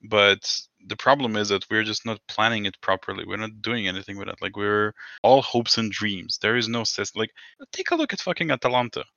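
Rambling guy with a gravelly, bright voice, dull lo-fi sound. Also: lowish voice, brisk, no room sound. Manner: rambling, sweary, laughs often. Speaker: podcast co-host. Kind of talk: casual chat.

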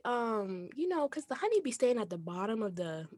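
A young woman co-hosting a podcast, telling stories in animated, giggly casual chat. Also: fairly high pitch, moderate pace. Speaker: podcast co-host.

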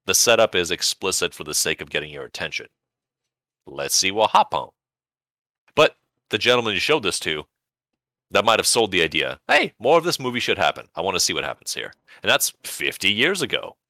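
Deep, wry, bright-toned male co-host. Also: big pitch swings, a little fast, dry recording, studio quality. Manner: wry, articulate, sardonic. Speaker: podcast co-host. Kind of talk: casual chat.

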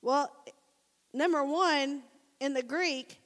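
Woman pastor, high voice, relaxed conversational sermon, long church reverb. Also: takes it slowly. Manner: casual, animated storytelling, addresses the crowd as guys. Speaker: preacher. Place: church sanctuary.

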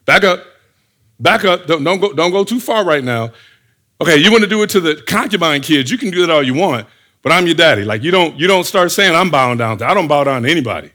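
A man's voice: on the high side, expressive, fast, pushed and bright. A preacher playing a sputtering indignant father. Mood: scolding. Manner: sputtering, repeating himself, stern. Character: indignant father scolding his son.

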